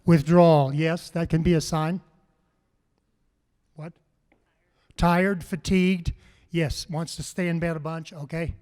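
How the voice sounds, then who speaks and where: A man's voice: on the high side, steady tone, takes it slowly, pauses often, a little mellow. A man giving a talk to a live audience, telling stories and asking the crowd questions, then repeating their answers. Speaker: panel speaker on farm mental health. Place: conference hall. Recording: long hall reverb.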